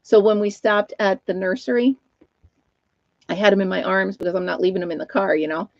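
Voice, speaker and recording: A woman's voice: mid-range voice, steady tone, fairly quick, vocal fry, no room sound. Middle-aged woman host, Upstate New York accent, laughs a lot, casual live chat with viewers, dry muffled home mic. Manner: chatty, laughs often, talks to her dog and viewers. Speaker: livestream host.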